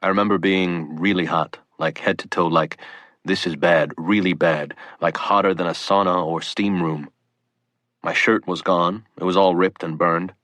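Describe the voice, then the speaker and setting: A man's voice: low-pitched, steady tone, moderate pace, fairly bright tone, no echo. A man reading first-person witness accounts for an audiobook in a plain conversational way. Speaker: audiobook reader.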